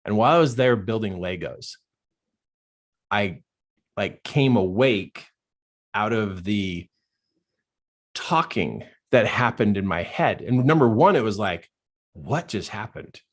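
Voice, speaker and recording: At a live coaching session, a man shares a personal story with real earnestness, his lowish voice going hushed in the dark moments and lively in others. He speaks slowly, leaving long pauses.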